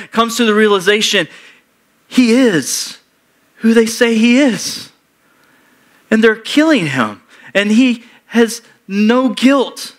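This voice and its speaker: A male pastor giving a sermon, retelling a story in slow, deliberate short phrases. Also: high-pitched, a bit bright.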